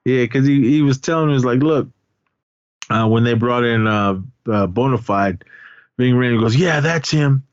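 A man's voice: mid-range voice, steady tone, normal speed, smooth, no echo, highs cut off. Rambling man recapping a movie. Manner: rambling retelling with acted-out quotes and filler words. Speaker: podcast co-host. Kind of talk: casual movie recap chat.

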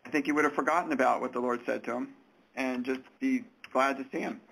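A man's voice: mid-range voice, steady tone, fast, gravelly, fairly bright tone, slightly rough, low-quality recording. A man taking part in a Bible study discussion, speaking hesitantly and thoughtfully, stumbling over the starts of sentences. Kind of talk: casual group Bible discussion.

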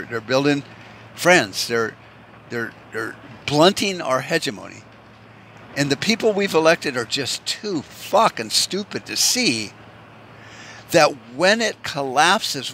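An American man with a slightly high, somewhat bright voice launches into a heated, rambling, profane rant. He keeps restarting his sentences throughout this monologue, and there is slight background noise.

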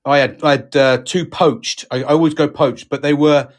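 A man's voice: on the high side, fairly even intonation. A man co-hosting a casual podcast, swearing a lot and laughing as he tells his stories. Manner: laughing, swears heavily, rapid anecdotes. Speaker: podcast co-host. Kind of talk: casual banter.

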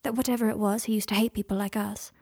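A woman voicing a kind, soft-hearted young woman who speaks softly, in a read-aloud story. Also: medium pitch, flat delivery, quick pace, vocal fry, slightly rough, dry recording, clean studio sound. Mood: gentle.

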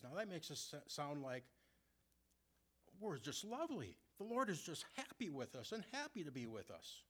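A man preaching a sermon who asks his listeners rhetorical questions and reads scripture slowly and deliberately. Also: fairly high pitch, very animated, fairly bright tone.

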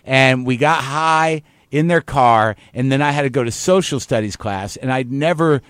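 A man's voice: medium pitch, normal speed, fairly bright tone, clean tone, no echo, clean studio sound. A man guesting on a podcast in casual chat, rambling and restarting his sentences.

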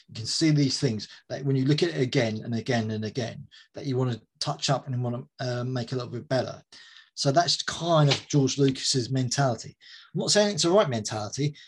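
A man with a husky, slightly breathy voice, chatting as a guest. He talks in an animated way and laughs often. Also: medium pitch, brisk. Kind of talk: casual chat.

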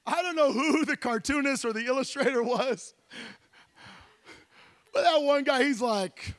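A man, a pastor, preaching a fervent storytelling sermon in a church, often shouting to the congregation. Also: extremely high pitch, measured pace. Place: church sanctuary. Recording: long church reverb.

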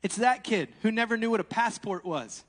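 A man preaching a sermon, animated and laughing, swinging between loud exclamations and hushed asides. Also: high voice, fairly quick, long reverb tail.

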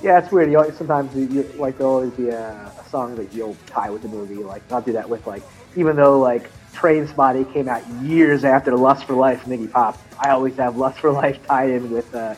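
A man's voice: medium pitch, a little fast, few pauses, low-quality recording. A man chatting casually about nineties music, rambling through restarts and "like" as he hunts for his point. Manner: rambling, many restarts and fillers.

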